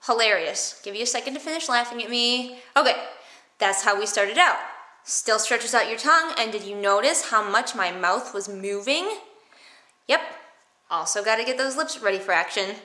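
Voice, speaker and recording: A woman teaching theatre vocal warmups in a playful, silly way, exaggerating her mouth movements. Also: a little high, lively intonation, normal speed. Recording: echoey room.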